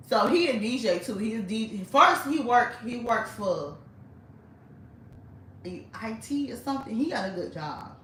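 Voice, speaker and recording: A woman's voice: mid-range voice, a bit bright, slight background noise. Blunt woman in an echoey room. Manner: blunt, chatty, frequent swearing and laughter. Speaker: vlogger. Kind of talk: casual storytelling. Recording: echoey room, mic at a distance.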